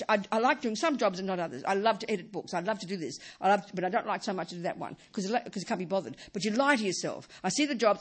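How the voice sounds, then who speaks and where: A woman in a mid-range voice leads a Buddhist dharma talk, speaking in bursts. She repeats and restarts phrases and keeps asking her listeners rhetorical questions.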